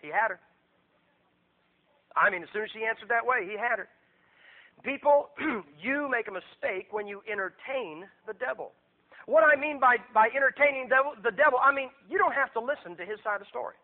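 A man's voice: extremely high pitch, animated, brisk. An American man preaching a sermon, emphatic and repetitive, with sarcastic asides. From United States. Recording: tinny phone-like lo-fi sermon recording.

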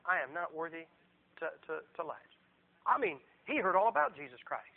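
A man preaching a revival sermon as a visiting evangelist, emphatic and swinging between loud and hushed. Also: extremely high pitch. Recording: tinny phone-like recording.

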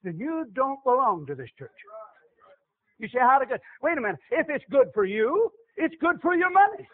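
A man's voice: very high-pitched, very animated, moderate pace. A middle-aged man preaching a sermon, with an emphatic, repetitive cadence. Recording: tinny phone-like lo-fi audio.

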